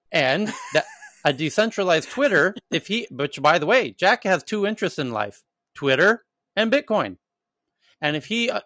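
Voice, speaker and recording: A man hosting a casual live audio chat, telling stories with animated, profane asides. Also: a little high, no echo. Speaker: host.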